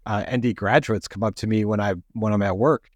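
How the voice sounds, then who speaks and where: Rambling middle-aged man, low dry voice. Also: fairly even intonation, a little fast, no room sound. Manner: rambling, self-interrupting storyteller. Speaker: podcast co-host. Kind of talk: casual sports chat.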